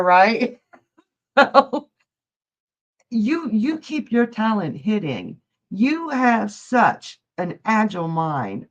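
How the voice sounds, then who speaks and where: A woman's voice: on the low side, fairly bright tone. Chatty laughing woman on a live stream. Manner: chatty, jokey, laughs often. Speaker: psychic reader. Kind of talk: live-stream chat and psychic reading. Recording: dull lo-fi stream audio.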